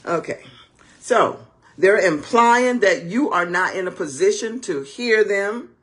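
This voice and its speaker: A woman's voice: medium pitch, animated, slow pace, fairly bright tone. A woman ministering on marriage to camera in a preaching style, emphatic and full of rhetorical questions.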